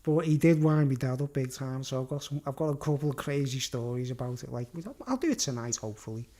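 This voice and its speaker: A man's voice: mid-range voice, expressive, fast talker, mellow. A man with a Scouse accent rambling through a live-stream monologue, laughing often and repeatedly asking "you know what I mean?". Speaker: vlogger.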